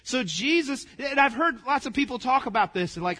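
A man preaching a casual, conversational sermon, calling the congregation "gang" and swinging between loud emphasis and quiet asides. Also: very high-pitched, animated, fast, hardly any pauses. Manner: folksy, calls the congregation "gang", asides to the room. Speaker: pastor.

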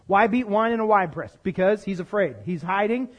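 A middle-aged male pastor preaching a lively sermon, joking and calling out to the congregation. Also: high-pitched, normal speed.

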